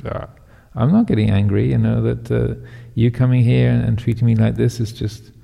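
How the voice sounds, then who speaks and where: A man doing a calm, patient hermit yogi. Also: mid-range voice, normal speed, gravelly, big-room sound. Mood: serene. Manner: calm, gentle, unbothered.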